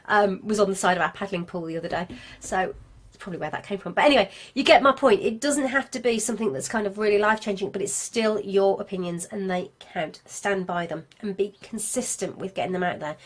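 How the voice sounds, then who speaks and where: A woman's voice: medium pitch, a little fast. A woman coaching craft sellers in a live stream from home, chatty and encouraging, with frequent asides. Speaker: craft business marketing coach. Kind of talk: live-streamed class to viewers.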